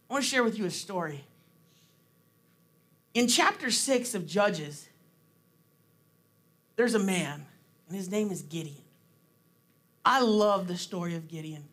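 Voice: mid-range voice, lively intonation, a little slow, long pauses, fairly bright tone. A preacher giving a casual, conversational sermon, talking chattily with many fillers and restarts. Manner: chatty, laughs often, acts out quotes.

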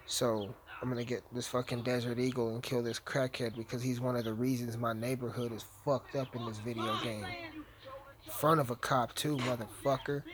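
A foul-mouthed man rambling on his podcast in a loose, joking way, cursing every few words. His voice sits at an ordinary middle pitch. A faint hiss and clicks run behind him. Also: steady tone, normal speed. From United States. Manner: crude, rambling, joking, swears constantly. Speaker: podcast host. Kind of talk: profane casual podcast chat while gaming.

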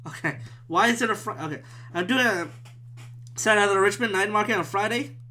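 A man with a bright, sharp voice rants through a solo podcast from a room at home. He swears freely and swings between loud outbursts and hushed, muttered whispers. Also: sits high, a little fast. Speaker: podcast host and stand-up comedian. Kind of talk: rambling solo podcast rant.

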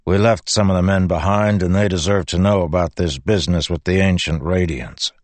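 A man's voice: sits low, steady tone, brisk, no room sound, lightly acted. Man voicing a blunt veteran soldier. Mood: respectful. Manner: plain, blunt, respectful delivery. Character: gruff veteran male soldier sergeant, loyal.

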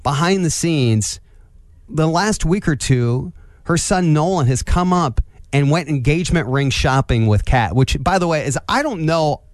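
Joking male radio host, higher voice. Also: expressive, measured pace, dry recording, studio quality. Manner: joking, chuckling at puns. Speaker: radio morning show host. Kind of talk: casual on-air banter. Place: radio studio.

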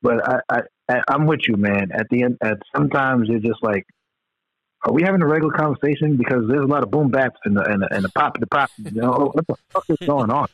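A man co-hosting a casual chat, joking along in an animated, profane way. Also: mid-range voice, fairly quick, rough recording. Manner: animated, profane, agreeing banter. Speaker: podcast co-host.

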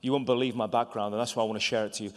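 A man preaching a sermon as an evangelist, animated and stammering through restarts, swinging between loud bursts and hushed asides. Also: on the low side, racing. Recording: long hall reverb.

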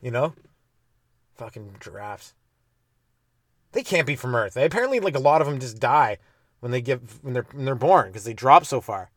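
A man's voice: medium pitch, big pitch swings, normal speed, long pauses, no room sound. A man hosting a solo comedy podcast, riffing loosely on his own jokes, swearing, laughing at himself and slipping into silly voices. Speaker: stand-up comedian and podcast host. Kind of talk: rambling solo comedy riff.

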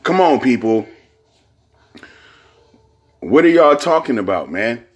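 A man's voice: mid-range voice, sing-song, takes it slowly, breathy edge. A man from California hosting a podcast, talking in a rambling, casual monologue full of fillers and profanity. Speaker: podcast host.

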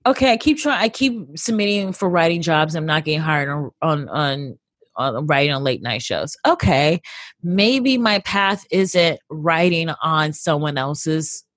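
Woman comedian rambling in an interview, kinda low voice, dead dry sound, tons of "like". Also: measured pace, no echo. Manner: rambling, filler-heavy, animated quoting. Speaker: comedian guest. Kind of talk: casual interview chat.

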